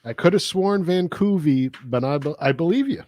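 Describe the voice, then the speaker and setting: Male co-host reading mail on air; lively pitch, dry deadpan. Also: normal speed, dry recording. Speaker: podcast co-host. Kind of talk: reading a listener letter aloud.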